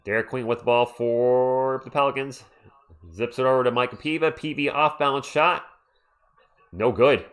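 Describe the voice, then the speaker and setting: A man's voice: medium pitch, moderate pace. A man hosting a casual livestream, calling a basketball game play by play and reading chat aloud into a desktop microphone at home. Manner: chatty, excitable, reads chat aloud. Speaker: livestream host. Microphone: USB desktop microphone.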